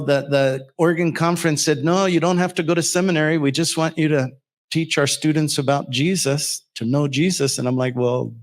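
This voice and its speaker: A middle-aged American man, a pastor, giving a personal testimony talk to an audience, telling his story earnestly and rising to preacher-like emphasis. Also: a little high. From United States. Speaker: pastor and speaker on the Rwandan genocide.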